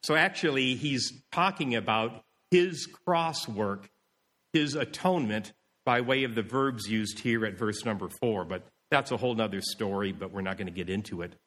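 Emphatic preacher in a reverberant church. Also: male voice, on the low side, moderate pace, fairly bright tone. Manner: emphatic, repeats key phrases, acts out quoted voices. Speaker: pastor. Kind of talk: sermon.

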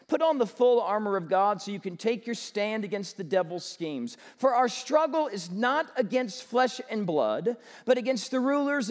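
A man preaching a sermon as pastor, telling stories with animated energy and rising to shouts. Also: high-pitched, big-room sound.

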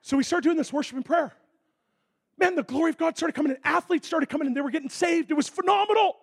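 A man preaching a sermon, telling a story with lively acted-out dialogue that swings from loud excitement to a hushed, intense tone. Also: very high voice, fast, gravelly. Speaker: pastor.

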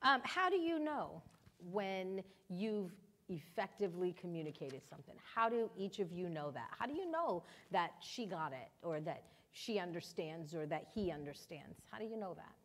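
A woman hosting an interview, engaged and quick to laugh. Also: lowish voice, sing-song, fairly bright tone. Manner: engaged, laughs often, many short affirmations. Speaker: host.

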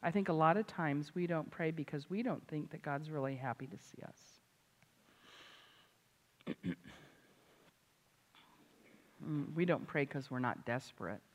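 Older lady preaching, gets loud and punchy, big echoey hall. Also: low voice, measured pace, pauses often. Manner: animated, rising to loud emphatic exclamations. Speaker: Christian speaker and author. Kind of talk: sermon. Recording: hall reverb.

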